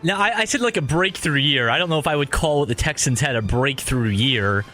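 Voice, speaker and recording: A man's voice: medium pitch, lively intonation, a little fast, pushed and bright, soft background music. A man co-hosting a casual sports radio show, playful and boastful about his picks, laughing often.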